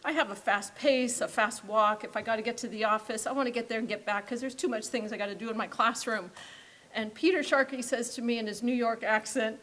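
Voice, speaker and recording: A woman's voice: on the high side, fairly even intonation, brisk, fairly bright tone. A woman teacher sharing amused anecdotes in a memorial tribute about a colleague.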